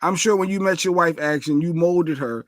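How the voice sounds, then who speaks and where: A man co-hosts a casual livestream, talking in loose slang and breaking into laughter often. His voice sits a little high. The sound is dry and close. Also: moderate pace, dry recording. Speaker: livestream co-host. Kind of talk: casual chat.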